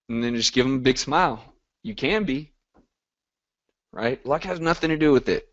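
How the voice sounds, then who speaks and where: A man's voice: fairly high pitch, expressive, moderate pace, lo-fi sound. Upbeat motivational man on a call. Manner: upbeat, motivational, reacting to chat comments by name. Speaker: coaching call host. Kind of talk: live group coaching call.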